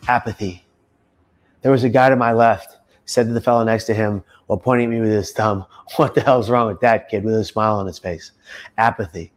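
A man in his thirties telling his own story in an emphatic testimony, rising to loud intense bursts. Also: lowish voice. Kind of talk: personal testimony monologue.

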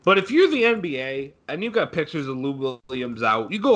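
A man's voice: fairly high pitch, very animated, brisk, a bit bright. A young man co-hosting a casual sports podcast, sarcastic and ranting, swearing freely. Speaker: podcast co-host.

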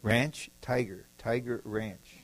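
A man's voice: medium pitch, fairly even intonation, takes it slowly, rough recording. A man from the Detroit area preaching a sermon, emphatic and repetitive, acting out short quoted lines. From Detroit area, USA.

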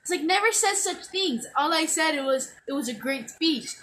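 A woman's voice: sits high, animated, normal speed, fairly bright tone, slight background noise. A teenage girl telling a rambling story to friends, giggling and full of fillers. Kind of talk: casual chat.

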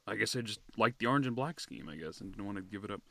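A man co-hosting a podcast in a relaxed, chatty way, with a bright, forward tone. His pitch moves a lot as he reacts and reads listener questions. The sound is dry and close. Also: rapid-fire, gravelly, no echo. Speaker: podcast co-host. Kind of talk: casual chat.

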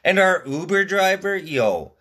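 Man, podcast host, casual profane storytelling, lively swings in pitch. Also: unhurried. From Canada. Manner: profane, laid-back storytelling with lots of "like" and "man". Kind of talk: casual rambling monologue.

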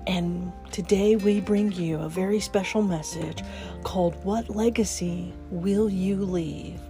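A woman hosting a casual morning podcast, bubbly and quick to laugh. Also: steady tone, music in the background. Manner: bubbly, laughs often, talks to her dog in a high baby voice. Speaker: podcast host.

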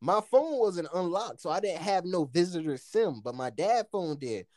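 Animated, laughing storyteller man. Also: high-pitched, normal speed, no echo, studio quality. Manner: animated, profane, laughs often, acts out quotes. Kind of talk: casual storytelling chat.

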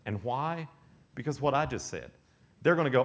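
A young man delivers a youth camp sermon in a lively storytelling way. He slips into voices for the people in his stories and laughs often along the way. His pitch sits in the middle for a man. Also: normal speed. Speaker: youth speaker.

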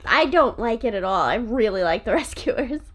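A woman co-hosting a podcast in casual chat, animated, laughing often and swearing freely. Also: a little high, normal speed. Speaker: podcast co-host.

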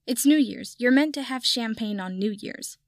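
A woman's voice: fairly high pitch, normal speed, dry recording, clean studio sound, lightly acted. A woman reading aloud voices a tipsy, foul-mouthed young witch who talks bluntly. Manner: swears freely, blunt. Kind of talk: audiobook fan fiction reading.

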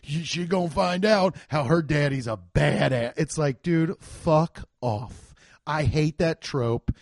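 A man's voice: a little high, slow pace, vocal fry, dry recording, studio quality. A young man giving a profane, exasperated comedic rant reviewing a movie.

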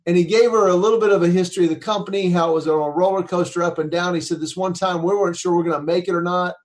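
A man's voice: high voice, fairly even intonation, very fast. Earnest man telling a heartfelt story. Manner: earnest, acts out quoted voices, softens when emotional. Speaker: speaker. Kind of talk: storytelling talk.

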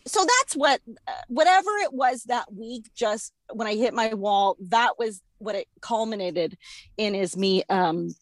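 A woman's voice: a little high, unhurried, dry recording. A woman in her thirties casually telling a comic story, swearing freely and mocking herself. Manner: profane, self-mocking, animated storyteller.

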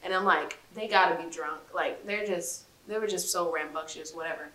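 A woman co-hosting a podcast, telling an animated anecdote in casual slang with frequent laughs. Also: on the low side, a little fast. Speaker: podcast co-host. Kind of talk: casual storytelling chat. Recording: roomy echo with faint hiss.

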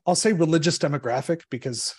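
A man, an attorney guest, explaining legal cases in a measured way, pausing often on ums and uhs. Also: a little high, husky, no room sound.

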